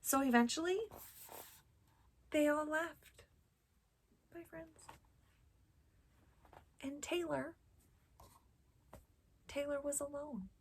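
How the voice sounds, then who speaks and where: A woman hosting a children's storytime, reading a picture book slowly and expressively and asking the children questions. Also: sits high. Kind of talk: read-aloud storytelling for children.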